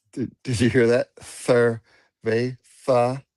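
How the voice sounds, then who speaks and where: A man speaks over a video call, his voice gravelly and set at an ordinary pitch. He explains things patiently in an easy, relaxed way, and the sound is dry. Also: dry recording. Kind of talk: casual video-call chat.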